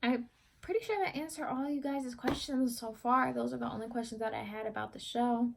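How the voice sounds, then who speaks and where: A woman's voice: on the high side, a little fast, vocal fry, slight background noise. A young woman vlogger casually retelling a story to camera, rambling and correcting herself as she goes.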